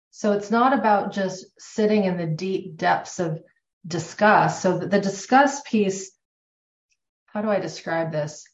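A woman teaching a class on somatic therapy in a conversational way, correcting herself as she goes. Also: lowish voice. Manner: conversational, self-correcting, acts out quoted remarks. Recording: echoey room, dull lo-fi sound.

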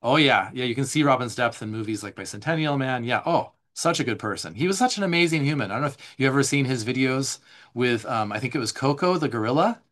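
A man leading a live somatic class, reading notes aloud and explaining them in a relaxed, conversational way, responding to viewer questions. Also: mid-range voice, fast talker. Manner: reads slides aloud, then explains in casual asides. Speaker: somatic teacher. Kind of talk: live online class teaching.

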